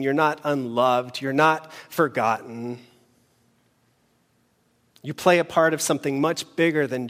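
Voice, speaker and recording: A man preaching a sermon in an earnest, measured way, pausing between phrases. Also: mid-range voice, fairly bright tone. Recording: long hall reverb.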